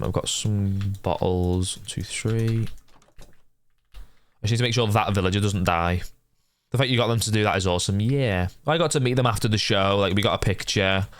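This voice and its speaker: A young man casually chatting with his stream viewers while playing a game, often swearing and yelling at the characters on screen. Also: sits low, clear, resonant tone. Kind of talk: casual gameplay chat with viewers.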